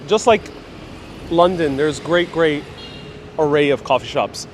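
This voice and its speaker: A man's voice: on the high side, unhurried. A man live-streaming as he walks through a city, chatting casually and thinking aloud, recorded on a phone outdoors. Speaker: live-stream travel vlogger. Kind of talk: casual walking live stream, reading viewer comments. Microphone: phone held while walking. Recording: outdoor street noise. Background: street noise and traffic.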